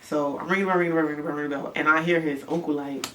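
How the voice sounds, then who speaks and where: A young woman from New York, casually telling a story, animated and swearing, acting out the voices. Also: low-pitched, very fast. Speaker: rapper. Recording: distant mic, background noise.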